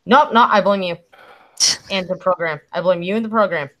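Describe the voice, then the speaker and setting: A woman's voice: on the low side, fairly quick, bright, forceful tone. A woman from Canada joking bluntly and swearing in a casual chat with friends on a stream. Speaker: stream guest.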